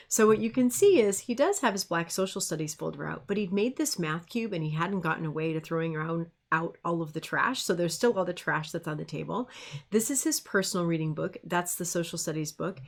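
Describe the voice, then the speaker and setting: A woman's voice: fairly low pitch, expressive, brisk. A middle-aged woman, a speech pathologist, giving a friendly presentation full of classroom anecdotes and fillers. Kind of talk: presentation lecture.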